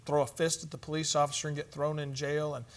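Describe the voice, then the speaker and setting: A man's voice: fairly high pitch, flat delivery, fast talker. A man giving a church conference teaching, telling stories in a conversational way with fillers and asides. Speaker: conference speaker.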